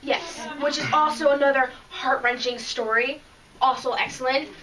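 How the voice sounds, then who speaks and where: A woman with a high, bright voice chats eagerly about her reading, getting emotional and tripping over her sentences. She sits some distance from the microphone, so she sounds slightly far off. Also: steady tone, normal speed. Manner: chatty and emotional, with frequent restarts. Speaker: podcast co-host. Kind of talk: casual chat reviewing comics.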